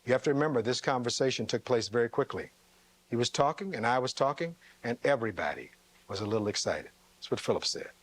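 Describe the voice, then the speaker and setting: A man acting as defense attorney, delivering a courtroom closing argument, reading testimony aloud and putting rhetorical questions to the jury, with sharp leaps in pitch on stressed words. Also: expressive, quick pace.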